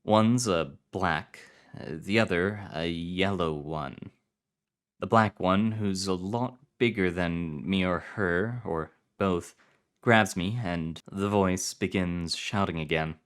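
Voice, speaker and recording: Deep-voiced man reading fiction aloud. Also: slow, fairly bright tone, clean tone. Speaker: story reader. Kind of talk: scripted fiction narration.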